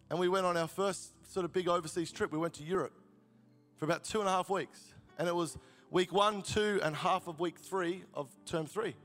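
A man's voice: high-pitched, pushed and bright, long reverb tail. A man from Australia, preaching a sermon as he tells a personal story in a fervent, storytelling way. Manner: storytelling, grows fervent and emotional. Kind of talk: sermon testimony.

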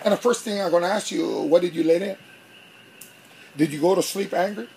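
A pastor preaching a sermon, telling a story with animation and acting out both sides of an argument. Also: male voice, high-pitched, fairly quick, vocal fry, darkish tone, slight background noise.

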